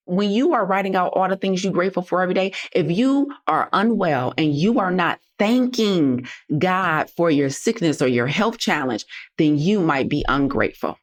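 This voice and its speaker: A woman's voice: lowish voice, animated, moderate pace. A woman hosting a motivational health podcast, talking to listeners in a sassy, direct, preachy way. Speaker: podcast host and health coach. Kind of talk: motivational solo podcast talk.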